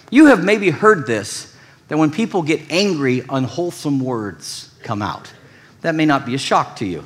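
Male pastor, conversational sermon, somewhat higher voice, very animated intonation with frequent restarts. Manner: conversational preaching with repeated restarts and emphatic asides.

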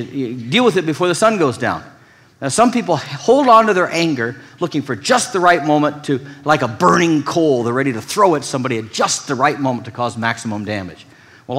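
Lively preaching man, conversational. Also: medium pitch. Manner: conversational preaching with repeated restarts and emphatic asides. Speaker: pastor. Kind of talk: sermon.

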